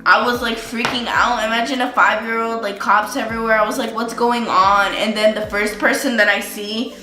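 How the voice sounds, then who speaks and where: A woman's voice: on the high side, steady tone, normal speed, bright, forceful tone. A young woman vlogger telling a casual storytime while doing her makeup, chatty and full of likes and ums, saying she feels sick. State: feeling sick. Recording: echoey room with faint music.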